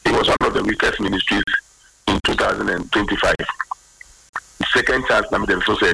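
A man's voice: lowish voice, steady tone, fairly quick, vocal fry, long pauses, sharp tone, low-quality recording. A man commenting on current affairs in a radio talk discussion, switching between Twi and English and stating firm opinions.

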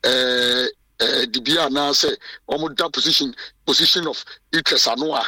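A man's voice: medium pitch, steady tone, normal speed, bright, forceful tone, slightly rough, dry recording. Emphatic Ghanaian man, far from the mic. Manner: code-switching, emphatic, frequent restarts. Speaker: president of a journalists' association. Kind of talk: radio interview.

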